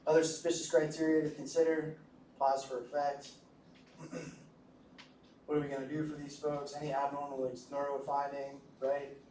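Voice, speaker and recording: A male instructor lectures a class in a relaxed, joking way and keeps asking his students questions. He sounds set back from the mic in an echoey room. A faint hiss runs under his voice. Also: a little high, moderate pace, pauses often, far from the mic. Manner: jokey, conversational, asks the class questions. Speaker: medical lecturer.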